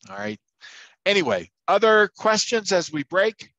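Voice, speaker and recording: This university instructor has a high, sing-song voice with a bit of brightness and a measured pace. He tells stories to his class casually, full of fillers and false starts, and the lo-fi recording is dry.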